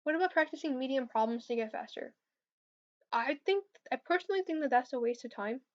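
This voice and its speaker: A woman's voice: sits high, expressive, a little fast. Hesitant young woman streaming coding tips. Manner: hesitant, filler-heavy, answers chat questions. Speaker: competitive programming streamer. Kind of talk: casual livestream Q&A. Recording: slightly dull lo-fi stream audio.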